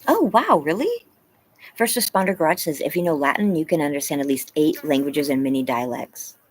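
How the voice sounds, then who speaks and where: A woman's voice: low-pitched, big pitch swings, brisk, a little hiss or hum, rough recording. A woman hosting a casual live stream, chatting with viewers and reading the chat aloud, laughing often. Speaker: livestream host. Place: home, yard.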